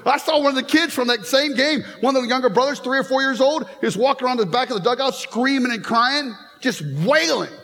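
Pastor in his fifties, very high voice, joking storyteller, church hall with long reverb. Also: fairly quick, hardly any pauses, bright, forceful tone. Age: 50s. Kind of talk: sermon. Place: church sanctuary.

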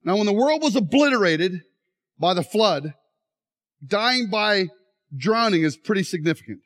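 A middle-aged man with a high voice preaches a sermon at a measured pace, telling stories animatedly and acting out voices. He gives a live demonstration while straining on an injured leg.

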